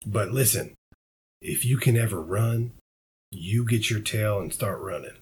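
A man playing a husky, firm adventurer. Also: on the low side, lively intonation, unhurried, darkish tone, heavily acted. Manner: firm, coaxing.

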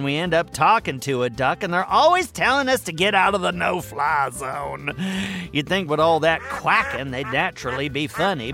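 A man voicing a boastful, excitable furry animal sidekick who hosts a kids' comedy radio show. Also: on the high side.

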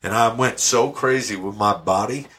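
Brash, lower-voiced man telling stories. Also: moderate pace, slight background noise. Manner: brash, profane, animated storyteller. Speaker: podcast guest. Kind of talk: casual storytelling.

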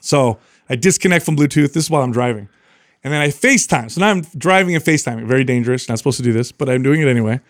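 A man co-hosting a podcast, telling a long story in a casual, animated way and acting out what people said. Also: medium pitch, rapid-fire, dry recording, clean studio sound. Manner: animated storyteller, acts out quotes. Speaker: podcast co-host.

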